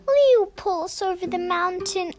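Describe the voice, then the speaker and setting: A woman's voice: very high-pitched, moderate pace, a little hiss or hum, pitched above the performer's own voice. A woman voicing a chorus of small dolls and toys pleading for help. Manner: begging, pleading.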